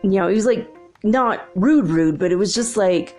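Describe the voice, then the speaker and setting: Chatty woman with a gravelly low voice. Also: normal speed, darkish tone, faint music behind. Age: adult with children. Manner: chatty and rambling, laughing often. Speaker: spiritual channel host. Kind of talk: casual spiritual vlog monologue.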